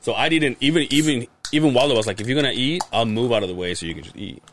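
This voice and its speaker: A fast-talking young podcast host with a mid-range voice recounts a casual story over slight background noise. He swears a lot and animatedly acts out everyone's quoted lines.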